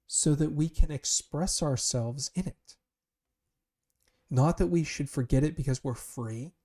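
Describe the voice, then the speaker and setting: Earnest man with a mellow voice. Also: mid-range voice. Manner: earnest, thoughtful, with restarts and fillers. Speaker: Bible study teacher. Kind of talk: reflective Bible study talk.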